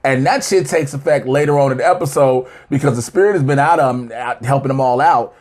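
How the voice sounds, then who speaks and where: A man co-hosting a casual TV review, recapping an episode with animated banter and squeaky voices for the characters. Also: brisk. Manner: animated, acts out characters in high squeaky voices, laughing often. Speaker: co-host of a TV review show.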